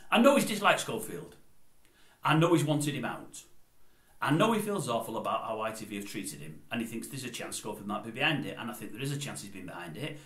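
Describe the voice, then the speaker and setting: A man's voice: mid-range voice, fairly bright tone. Rambling older man. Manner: rambling, digressive, opinionated. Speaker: YouTube commentator. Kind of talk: casual opinion vlog. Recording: roomy echoey room.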